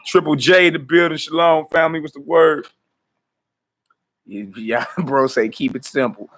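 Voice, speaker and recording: A man's voice: on the high side, normal speed, fairly bright tone. A man hosting a casual ministry livestream, greeting viewers by name, hyping them up and laughing often. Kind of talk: casual livestream chat before prayer.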